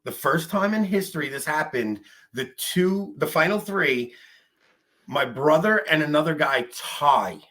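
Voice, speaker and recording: A man with a New York accent, a guest in casual conversation, animated and self-deprecating. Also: a little high, measured pace. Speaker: podcast guest.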